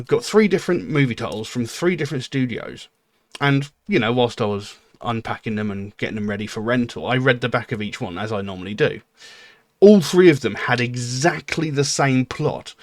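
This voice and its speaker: A middle-aged man with a medium-pitched voice and no room sound hosts a music reaction channel. He gives casual commentary on a music video, rambling and candid, with frequent um and you know.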